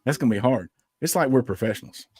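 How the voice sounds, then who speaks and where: A man's voice: medium pitch, expressive, quick pace, darkish tone, breathy edge. A man co-hosting a casual sports podcast, upbeat and chatty, running through news and show announcements. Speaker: podcast co-host.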